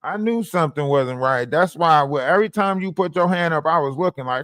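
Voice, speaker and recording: A man's voice: fairly high pitch, a little fast, a bit bright, clean tone, no room sound, studio quality. A man hosting a livestream, ranting in a taunting, profane way and repeatedly asking "huh?" at his target. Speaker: livestream host. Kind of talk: profane live-stream rant.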